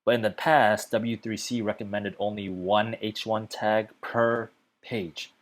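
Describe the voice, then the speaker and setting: Guy with a low voice doing a chill coding tutorial, says okay a lot. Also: level tone, a little slow. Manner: chatty, fills gaps with okay and uh. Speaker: web development tutor. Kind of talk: casual explainer lesson.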